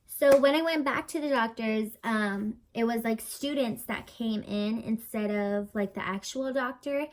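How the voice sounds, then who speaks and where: A young woman tells a story to her camera in a chatty vlog, her voice sitting a little high. She rambles with plenty of fillers and acts out what others said with animated energy. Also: a little slow, few pauses, rough recording. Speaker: vlogger.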